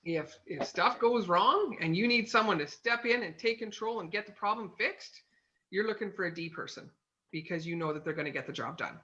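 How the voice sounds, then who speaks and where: A woman's voice: mid-range voice, brisk, sharp tone, highs cut off. A woman giving a casual lesson from her home office in a chatty manner, full of fillers and "okay?" check-ins. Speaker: sales consultant teaching personality types. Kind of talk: casual instructional talk.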